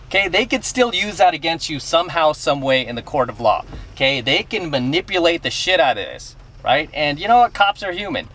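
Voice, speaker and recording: A man's voice: fairly high pitch, very animated, fairly quick, a bit bright. A man vlogging outdoors beside his car, telling a story and giving blunt advice, often checking in with "okay?". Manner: emphatic, blunt, keeps asking "okay?". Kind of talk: casual storytelling and advice to camera.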